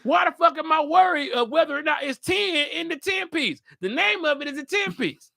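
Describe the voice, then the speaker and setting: High, bright-voiced comedian hosting live. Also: male voice, brisk, vocal fry, no room sound, clean studio sound. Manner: animated, profane, jumps into loud put-on voices. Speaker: comedian and podcast host. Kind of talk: casual live podcast chat.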